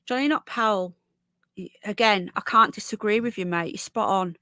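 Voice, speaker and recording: A woman's voice: medium pitch, moderate pace, pushed and bright, no echo. Chatty woman with a sore throat. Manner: chatty, opinionated, rambling with restarts. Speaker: livestream host. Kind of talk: casual live chat reading viewer comments.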